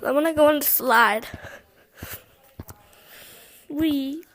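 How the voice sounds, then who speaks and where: A woman's voice: high voice, slow pace, a bit bright, no echo. A woman giving casual, chatty gameplay commentary, exclaiming and giggling to herself as she plays. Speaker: gaming vlogger.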